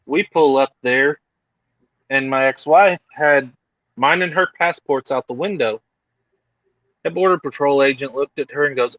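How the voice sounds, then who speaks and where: A man spins an animated story in a relaxed group chat, acting out other people's lines as he goes. His voice sits at an ordinary pitch. The sound is dull and lo-fi, dry and close, like video call audio. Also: unhurried, pauses often, no room sound. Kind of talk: casual chat.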